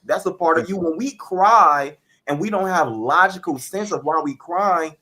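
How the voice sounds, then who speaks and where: Earnest man with a slightly high voice. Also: normal speed, sharp tone. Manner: earnest, repeats key phrases for emphasis. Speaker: guest. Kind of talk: spiritual podcast conversation.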